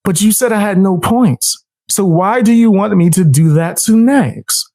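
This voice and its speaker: Mocking streamer, slightly high voice. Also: male voice, measured pace, mellow. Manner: mocking, trash-talking. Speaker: streamer reacting to a debate clip. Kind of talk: casual reaction commentary.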